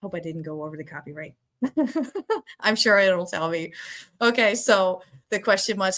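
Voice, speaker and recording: Her voice bright, forward and medium in pitch, a woman hosts a relaxed trivia stream live. She laughs frequently, talks casually with the audience, and reads the answer options slowly.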